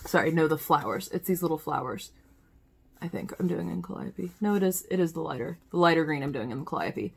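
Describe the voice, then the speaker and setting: Brisk and animated, a woman with a low, slightly rough voice and vocal fry chats to her phone camera about her cross-stitch projects. She often corrects herself and talks to herself while handling the items in this casual show-and-tell.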